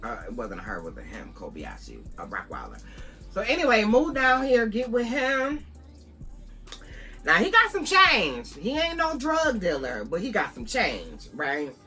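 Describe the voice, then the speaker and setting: A woman's voice: mid-range voice, wildly swooping pitch, moderate pace, a bit bright, faint music behind. A woman from Buffalo, New York, vlogging a casual storytime to her viewers, talking conversationally and calling her listeners "girl".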